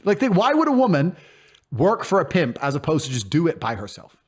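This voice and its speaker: Slightly high and husky, his pitch swoops wildly while he talks a little fast. He's a podcast guest in a relaxed interview, speaking bluntly with plenty of swearing and regularly performing other people's lines in assumed voices.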